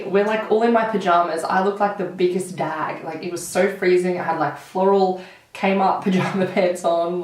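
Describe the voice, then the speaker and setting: A woman in her twenties with an Australian accent, chatting and telling stories while doing her makeup, with lots of "like". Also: fairly low pitch. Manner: chatty, animated storytelling with frequent "like". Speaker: beauty vlogger. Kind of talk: chatty get-ready-with-me storytelling. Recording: roomy, distant mic.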